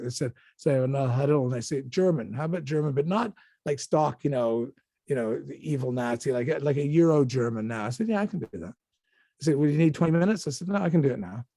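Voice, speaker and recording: A man's voice: on the high side, mellow, no room sound, studio quality. An older male actor, a guest on an interview show, telling anecdotes casually with many restarts and acted-out quotes.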